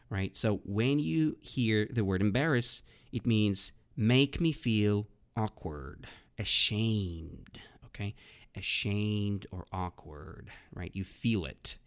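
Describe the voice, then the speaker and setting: A man with a low voice teaches English vocabulary in a casual podcast lesson. His pitch swings widely as he explains. He hesitates often and keeps asking the listener "right?". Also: animated, slow. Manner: explains with frequent "right?" and "okay?" checks; hesitant, with many "uh" and "um" fillers.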